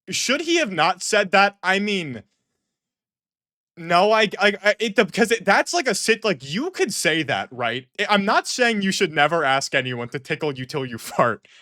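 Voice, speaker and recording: A man's voice: high-pitched, pushed and bright, dry recording, clean studio sound. A man giving comedic reaction commentary in an exasperated, rambling way, often restarting sentences. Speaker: online commentator.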